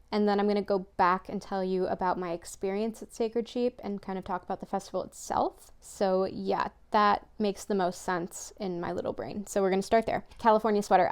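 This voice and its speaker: A woman vlogger chats about her knitting to a camera at home. She talks quickly and breezily, with frequent laughs and self-mocking asides. Her voice sits in an ordinary middle pitch. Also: darkish tone. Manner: fast, chatty, self-deprecating, laughs often. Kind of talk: casual chat to camera.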